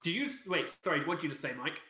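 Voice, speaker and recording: A man's voice: on the high side, lively intonation, bright, forceful tone, husky. A man running a tabletop game as game master, often apologizing and correcting himself. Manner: apologetic, halting, self-correcting. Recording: echoey room.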